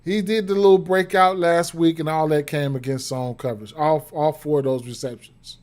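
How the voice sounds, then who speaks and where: On the high side, a little mellow and steady in tone, this man talks at normal speed. A sports betting streamer with the hiccups, he rambles through casual livestream analysis using frequent fillers and repeated words, hiccuping as he goes.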